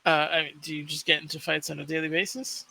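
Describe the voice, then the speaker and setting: A man's voice: a little high, flat delivery, quick pace, creaky, bright, forceful tone. A man playing a tabletop role-playing game, switching between narrating his character and speaking in character, laughing often. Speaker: player.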